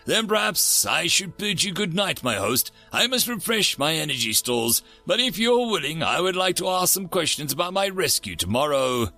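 A tiny alien diplomat speaks in a hollow, high, lilting voice, as a man puts it on. Every phrase comes out stiffly formal and courteous, swooping up and down like a creature reading an audiobook. Faint music sits underneath. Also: very animated, normal speed, hardly any pauses, sharp tone, exaggerated voice. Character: small hollow-voiced polite alien ambassador.

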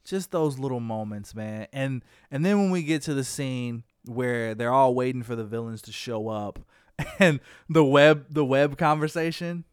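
Excited man in casual movie chat. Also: medium pitch, normal speed, smooth, no echo, clean studio sound. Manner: excited, retells scenes in quoted voices. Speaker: podcast co-host.

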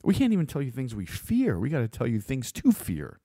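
A man delivering a blunt, opinionated monologue as a host, swearing freely and getting animated. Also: medium pitch, fairly quick, dry recording, studio quality.

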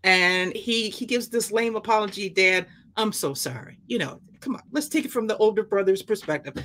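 A woman co-hosting a ministry podcast, talking through a Bible parable in a lively, conversational way and slipping into character voices. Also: medium pitch, moderate pace, few pauses. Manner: animated, acts out the characters she describes.

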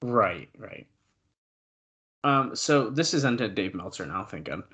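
A male podcast co-host in casual chat, reading out old news notes and adding quick asides. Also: fairly low pitch, very animated, fairly bright tone.

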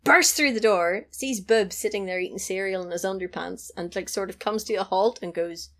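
A woman's voice: mid-range voice, moderate pace. A woman in a casual chat, animatedly retelling a film, acting out the characters' lines and laughing often. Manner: animated, acts out characters' lines in varied voices.

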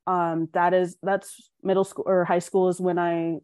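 Young woman guest, low-pitched, frank storyteller, dry studio sound. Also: measured pace, clear, resonant tone, no room sound. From Colorado. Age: young adult. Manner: frank, animated, acts out quoted dialogue. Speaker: podcast guest, student. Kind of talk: candid interview storytelling.

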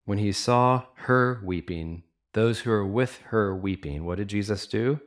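A man with a lowish voice preaches a sermon and talks straight to his congregation. He speaks casually, with frequent "like"s, and drives his points home with rhetorical questions. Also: measured pace. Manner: casual fillers like "like" and "y'all". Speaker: pastor.

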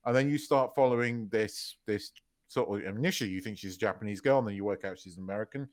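Talking quickly in a fairly low voice, another male podcast co-host keeps the casual conversation going. His stories are lively and full of curses, and he breaks into loud laughter mid-story.

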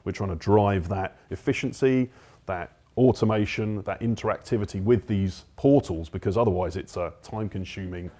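A man's voice: fairly low pitch, moderate pace, warm tone. A man with a South African accent, explaining things steadily as an expert guest on a panel. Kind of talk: panel discussion.

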